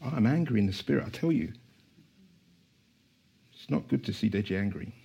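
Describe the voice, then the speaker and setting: A husky-voiced man delivering a sermon, his pitch swinging widely as he builds from low, quiet asides into fervent, declaring passages. He talks straight to his congregation. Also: animated, normal speed. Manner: impassioned, rising to emphatic declarations. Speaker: preacher.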